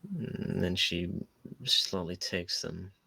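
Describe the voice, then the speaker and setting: Male player, hesitant narration, very low gravelly voice, bright tone, dry close sound. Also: big pitch swings, slow, dry recording. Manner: hesitant, thinking aloud. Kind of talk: narrating his character's actions in a tabletop game.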